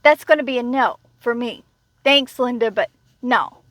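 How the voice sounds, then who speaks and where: A woman's voice: on the high side, moderate pace, a bit bright, no echo. A woman telling a story in a casual vlog rant, blunt, indignant and sarcastic. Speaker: vlogger.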